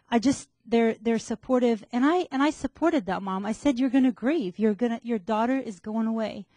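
A woman's voice: mid-range voice, darkish tone, no echo. A woman pediatrician speaking at a community forum, earnest and explanatory in a conversational way.

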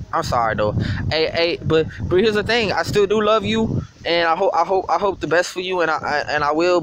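His pitch runs fairly high with a bit of brightness. The young man, a vlogger in relaxed phone conversation, jeers and uses profanity, with lots of stuttered repetition.

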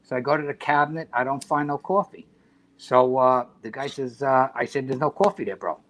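Profane, animated New storyteller. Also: male voice, medium pitch, fairly quick. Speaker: podcast guest, retired fire chief. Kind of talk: casual podcast chat.

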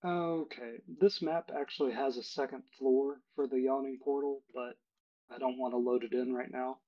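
Husky-voiced game master. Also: male voice, medium pitch, moderate pace. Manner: relaxed, casual, frequent "uh". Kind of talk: running a tabletop game online. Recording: dull lo-fi recording.

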